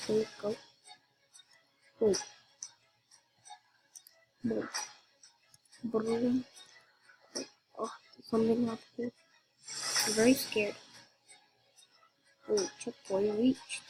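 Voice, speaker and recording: A woman giving casual gameplay commentary as a channel host, excitable and repeating the same phrases over and over. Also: fairly high pitch, slow pace, long pauses, rough recording. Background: game music.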